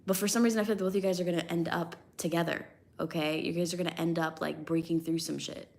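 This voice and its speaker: A young woman giving a chatty, animated livestream tarot reading, casual and loose with her swearing. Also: fairly low pitch, fast talker. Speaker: tarot reader.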